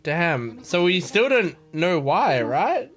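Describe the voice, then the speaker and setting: Faint anime music plays under a woman reacting to anime with casual, emotional talk, full of exclamations and curses. She speaks slowly in a fairly low voice with big swings in pitch.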